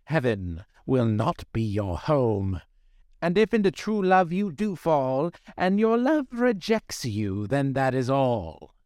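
A man's voice: mid-range voice, very animated, takes it slowly, a little mellow, dry recording, studio quality, pitched above the performer's own voice. A man voicing a cruel old female sea witch, scornful and menacing in her speech.

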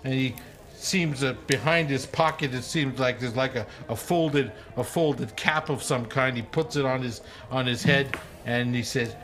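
A man's voice: medium pitch, measured pace, a bit bright. A man narrating a tabletop game as game master, loose and hesitant with many fillers.

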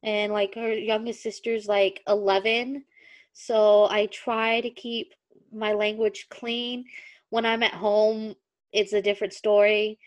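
A woman hosting a casual podcast chat and reading fan fiction aloud, animated and quick to laugh. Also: medium pitch. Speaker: podcast host and reader.

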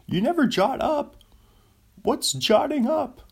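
A man doing a squeaky yelling comedian. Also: slow, creaky, exaggerated voice. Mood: excited yelling. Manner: yelling, high-pitched, over-excited. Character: excited yelling male comedian, high and squeaky.

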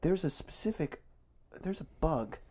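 A podcast co-host chatting casually and excitedly, swearing often. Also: mid-range voice, measured pace. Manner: enthusiastic, swears a lot. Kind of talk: casual chat.

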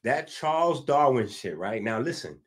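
A man from the Bronx, hosting a podcast and delivering a casual commentary monologue. He is animated and swings between loud and hushed, with frequent asides. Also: medium pitch, normal speed, husky. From the Bronx, New York. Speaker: podcast host.

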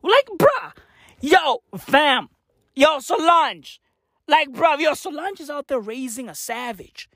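A woman delivering a profane comedic rant, full of slang, dropping to low mutters and then jumping to high shouted outbursts. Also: animated, takes it slowly, dry recording, clean studio sound. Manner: heavy slang fillers. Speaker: comic ranter.

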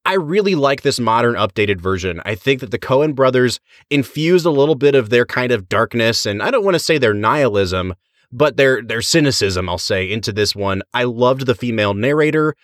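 A man's voice: medium pitch, expressive, moderate pace, dry recording, studio quality. A man co-hosting a podcast, chatting enthusiastically with his co-host. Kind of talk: casual chat.

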